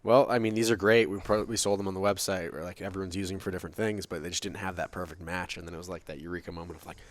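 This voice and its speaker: A young man talking casually as a podcast guest, relaxed and chatty, with many fillers and frequent laughs. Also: sits low, racing, dry recording. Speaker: guest, company founder.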